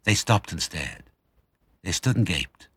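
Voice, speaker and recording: Older male storyteller, low husky voice, dry close sound, brisk and lively. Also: no echo. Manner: brisk, expressive. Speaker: author reading his own book. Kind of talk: storybook narration.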